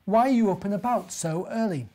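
A man voicing an eager female frog in a children's storybook, croaking and gushing. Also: high-pitched, a little fast, a little mellow, voice pushed up, close to an everyday voice. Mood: cheery.

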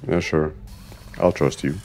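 Low-voiced, slow streamer joking through a game. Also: fairly even intonation, creaky, a little mellow. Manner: joking, talks to himself and the game. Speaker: gaming streamer. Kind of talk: casual gameplay commentary.

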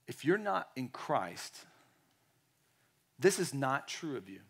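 A man preaching a sermon in a lively way, acting out quotes and dropping to quiet tones. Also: medium pitch, takes it slowly, gravelly, husky. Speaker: pastor.

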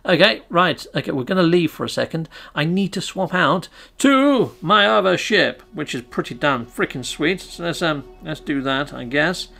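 Excitable British man with a gravelly voice. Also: on the high side, moderate pace, hardly any pauses, soft background music. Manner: excitable and chatty, cheering himself on. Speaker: gaming channel host. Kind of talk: gameplay commentary.

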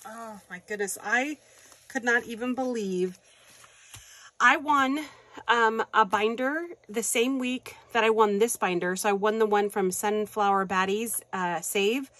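A woman vlogger chatting casually while unboxing happy mail, gushing and excitable, with frequent gasps and affectionate asides to viewers. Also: fairly high pitch, measured pace, dry recording. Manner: affectionate, calls viewers hon and you guys.

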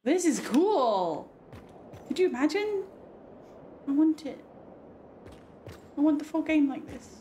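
A young British woman with a British accent giving excitable, gushing, chatty commentary while playing a video game. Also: high voice, takes it slowly, long pauses, slight background noise. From Britain. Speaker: gaming streamer. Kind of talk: casual gameplay commentary.

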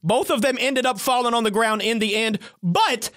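A reaction video host giving excitable, chatty play-by-play in casual commentary, laughing often. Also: medium pitch, normal speed.

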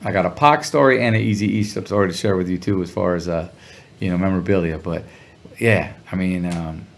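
A middle-aged man telling a story as an interview guest, relaxed and full of slang. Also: deep voice, fairly quick, gravelly. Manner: laid-back, chuckling, heavy slang. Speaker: guest musician.

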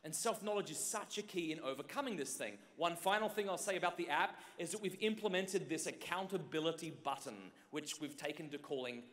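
A man with a high, bright, forceful voice gives an energetic talk to a big crowd. He jokes and keeps turning to the listeners. His voice carries a long echo around the hall. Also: fairly quick, few pauses. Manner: joking, direct, keeps addressing the audience. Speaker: youth conference speaker. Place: large conference hall with an audience.

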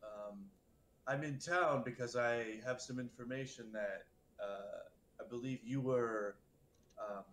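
A man playing his character in a tabletop game speaks in a friendly, hesitant way, often pausing on fillers. The recording is echoey, with a faint hiss behind him. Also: medium pitch, a bit bright. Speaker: player. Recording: echoey room with faint noise.

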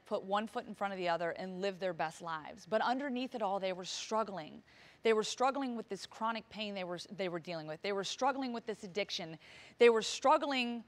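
A woman in her thirties, a motivational speaker, telling a personal story on stage with vivid, emotional delivery and acted-out dialogue. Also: mid-range voice. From Virginia, US.

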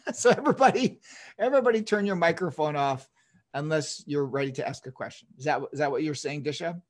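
A man's voice: a little high, fairly quick. A man in his fifties, a dentist giving an online lecture, telling stories enthusiastically with chuckles and restarts.

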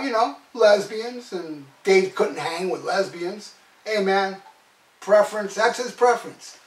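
A man with a high voice and an unhurried, drawn-out pace, giving a profane, sarcastic album review. He sits back from the mic in a roomy, echoey space. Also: fairly bright tone. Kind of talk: casual review monologue. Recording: echoey room, mic at a distance.

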